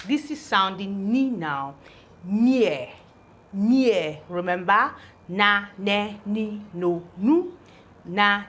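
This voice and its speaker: A woman's voice: medium pitch, a bit bright. A woman teaching English pronunciation, sounding out letters and repeating each word several times. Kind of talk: slow, deliberate classroom teaching.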